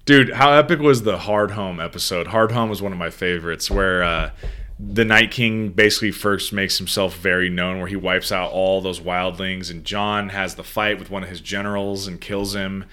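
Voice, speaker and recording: A man's voice: sits low, moderate pace. A man in casual, profane conversation, talking through a TV series with a friend. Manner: profane, animated storytelling. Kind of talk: casual chat.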